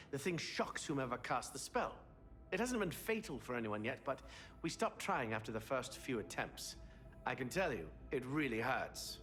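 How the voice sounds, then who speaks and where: Guy voicing a game mage scholar, curious n a bit tired, bouncy lively pitch, faint music behind. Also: lightly acted. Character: male mage scholar puzzling over a relic. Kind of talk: video game voice acting.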